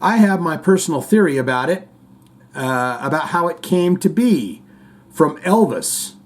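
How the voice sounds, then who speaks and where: A man's voice: fairly high pitch, sing-song, unhurried. A man hosting a casual livestream podcast, reading viewer comments aloud in a rambling, joking way with the odd swear.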